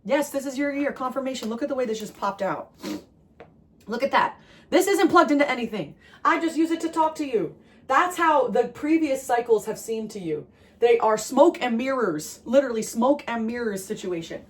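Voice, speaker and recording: A woman giving a channeled tarot reading to camera. She talks emphatically, repeats her phrases and jumps high in pitch when she gets excited. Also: moderate pace. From New Jersey. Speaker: tarot reader.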